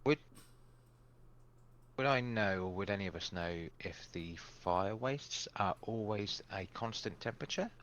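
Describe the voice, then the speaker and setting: A man's voice: on the low side, animated, measured pace, fairly bright tone, dull audio, a little hiss or hum. A man playing a tabletop game, asking hesitant questions and correcting himself as he goes. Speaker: player. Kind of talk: casual tabletop play.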